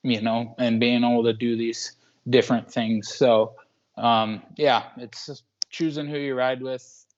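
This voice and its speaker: A man in his twenties from Washington State, a guest talking earnestly and haltingly with many pauses. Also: medium pitch, level tone, dull audio. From Washington State, USA. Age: 20s. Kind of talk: casual interview chat.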